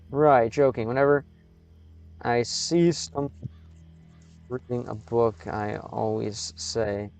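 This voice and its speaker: An American man streaming live in casual commentary, halting and repeating words as he slowly sounds out foreign phrases. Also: medium pitch, creaky, clear, resonant tone. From United States.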